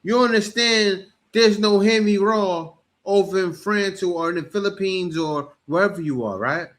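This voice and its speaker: A man hosting a reaction commentary, talking in a mocking, animated way. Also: sits high. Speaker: commentator host.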